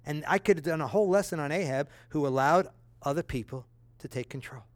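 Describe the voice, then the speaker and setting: A middle-aged male pastor preaching in a relaxed, conversational way and leaning into his stories with energy. His voice sits a little higher than most men's. The sound is dry and close, with no room echo. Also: fast. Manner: conversational preaching with animated storytelling. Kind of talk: sermon.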